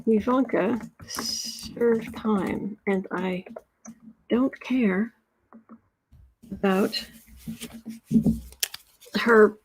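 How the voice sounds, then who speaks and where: A woman's voice: fairly high pitch, a little mellow, a little hiss or hum. An American woman hosting a tarot livestream, chatting casually and sarcastically while reading out viewer comments. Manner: chatty, sarcastic, mocking asides. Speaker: tarot reader livestream host.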